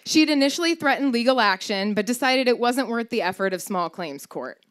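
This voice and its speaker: A woman's voice: a little high, animated, a little fast, a little hiss or hum. A woman in her thirties telling a true personal story on stage, wry and candid, swearing for comic punch. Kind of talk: live personal storytelling performance.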